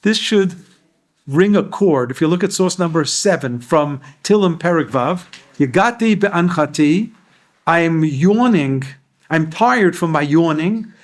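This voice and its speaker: A man's voice: fairly high pitch, expressive, unhurried. A rabbi giving a Torah lecture to a class. He explains Hebrew verses line by line and asks his listeners questions.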